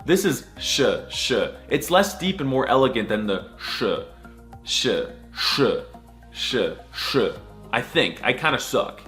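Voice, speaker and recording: Sarcastic man, lively voice. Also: mid-range voice, measured pace, soft background music. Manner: sarcastic, crude and exaggerated, repeating letter sounds. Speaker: comic language teacher. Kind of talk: mock alphabet lesson.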